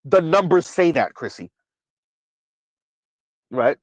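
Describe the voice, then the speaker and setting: A man's voice: a little high, expressive, moderate pace, no echo, low-quality recording. A man from the United States, hosting a livestream commentary and reading out chat, emphatic and asking "right?" again and again. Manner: emphatic, repeats "right?" often. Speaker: commentary channel host.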